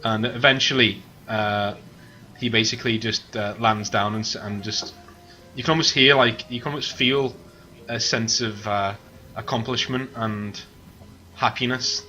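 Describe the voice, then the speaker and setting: A man running an online tabletop game as game master, narrating haltingly with many fillers and the odd curse. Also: medium pitch, steady tone, sharp tone, faint music behind. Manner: halting, full of fillers and swearing.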